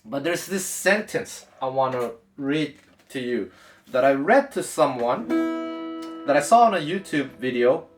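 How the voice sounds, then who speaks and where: A man's voice: medium pitch, expressive, measured pace. A man teaching jazz guitar in a casual, chatty way, wandering off into side stories as he talks. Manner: chatty and digressive, many restarts. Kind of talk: casual talk to camera. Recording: echoey room.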